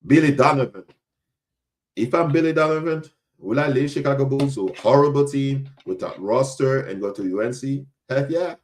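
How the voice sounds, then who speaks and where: A man's voice: mid-range voice, normal speed. A young adult man from Florida hosting a podcast, giving casual sports commentary in a blunt, emphatic way, often repeating himself for effect. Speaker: podcast host.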